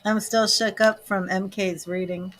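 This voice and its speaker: This tarot reader and psychic has a medium-pitched, steady voice and a slow, emotional, talkative manner. Live on stream, she chats with viewers by name while reading their questions and flipping cards, over slight background noise.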